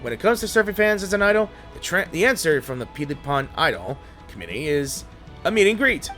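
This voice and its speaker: A pushy travel agent rattles off package deals and lectures about service, as a man puts him on. His voice sits fairly high for a man. His pitch moves about a lot as he talks. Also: big pitch swings, fairly quick, a bit bright, faint music behind. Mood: lecturing. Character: smooth-talking male travel agent, pushy salesman.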